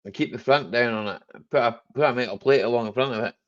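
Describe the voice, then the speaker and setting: A man's voice: medium pitch, fast talker, highs cut off. A man hosting a casual live chat stream, joking and laughing a lot as he answers viewers. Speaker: livestream host.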